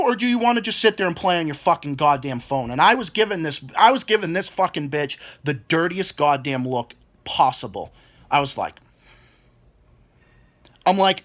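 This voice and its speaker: A man's voice: on the high side, expressive, moderate pace, a bit bright. A man in his twenties ranting angrily about people at his job, swearing constantly and stumbling over repeated words. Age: 20s. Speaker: vlogger. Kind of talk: angry rant.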